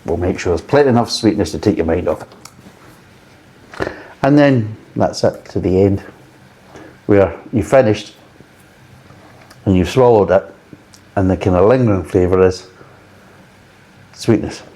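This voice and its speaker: A man's voice: deep voice, a little slow, long pauses, warm tone. A man reviewing a beer in a blunt, exasperated way, swearing freely.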